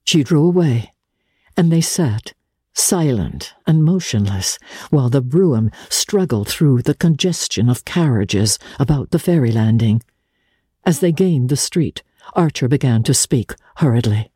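Mellow, husky audiobook narrator. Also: mid-range voice, animated, measured pace, no room sound, studio quality.

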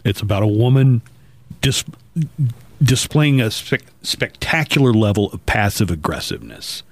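A man's voice: on the low side, big pitch swings, moderate pace, no room sound. A man hosting a radio show, telling news stories in casual banter with playful asides.

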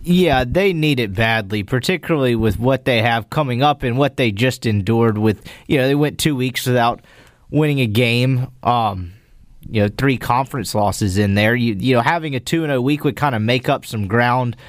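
A man breaks down a team's outlook on sports radio at a middle pitch. His tone is steady and analytical. The recording is dry and close-miked. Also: no echo. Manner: measured and analytical. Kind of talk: sports commentary.

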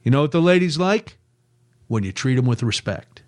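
A man's voice: mid-range voice, lively intonation, moderate pace. A man hosting a night radio talk show, chatty and joking as he reads out listener texts. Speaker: radio host. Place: radio studio.

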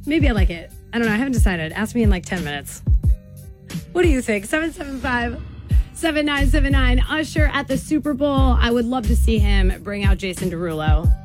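Woman, morning radio host, teasing banter, higher voice, music playing under. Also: animated, a little fast. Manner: teasing, laughing often.

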